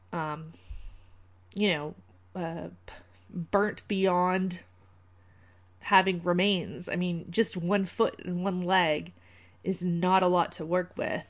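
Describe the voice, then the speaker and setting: A woman hosting a podcast, talking casually with many fillers and wry asides. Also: on the low side. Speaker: podcast host. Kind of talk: casual conspiracy podcast talk.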